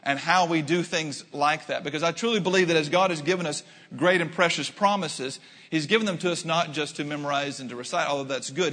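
An American man preaching a sermon in a church, telling stories with quick asides and animated delivery. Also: on the high side, in a large hall. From United States. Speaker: pastor.

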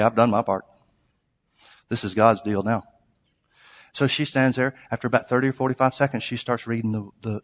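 A man preaching a sermon, telling a story in a conversational way and then rising to emphatic exhortation. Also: mid-range voice. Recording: long hall reverb.

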